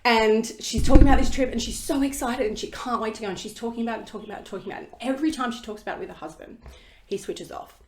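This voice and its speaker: A woman's voice: fairly high pitch, rapid-fire, a little hiss or hum. A woman hosting a solo podcast, talking bluntly and emphatically and swearing casually. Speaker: podcast host. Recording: roomy echo.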